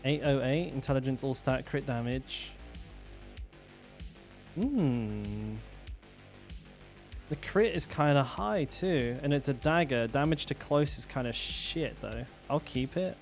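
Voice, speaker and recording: A man from southwest England with a mild West Country accent, chatting casually while live-streaming a game, relaxed and sweary, often trailing off mid-sentence. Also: medium pitch, slow pace, pauses often, soft background music. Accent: mild West Country English.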